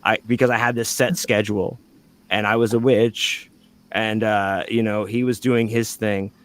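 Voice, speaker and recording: A man's voice: fairly low pitch, little pitch movement, normal speed. A man telling a long anecdote on a podcast in casual, rambling talk, full of fillers and swearing. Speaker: podcast guest.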